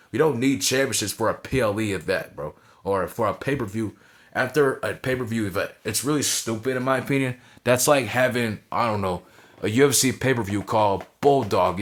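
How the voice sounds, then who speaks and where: Male wrestling reviewer, blunt and profane, animated casual delivery. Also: on the low side.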